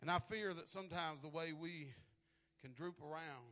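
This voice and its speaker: A man preaching a sermon who tells stories in a low voice, then builds to shouting, often repeating words as he starts phrases. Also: normal speed.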